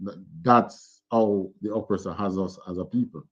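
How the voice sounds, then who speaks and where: Low-voiced man on a lo-fi call. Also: slightly rough. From Jamaica. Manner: halting, repeats words, asks questions. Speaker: religious teacher. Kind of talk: online scripture class.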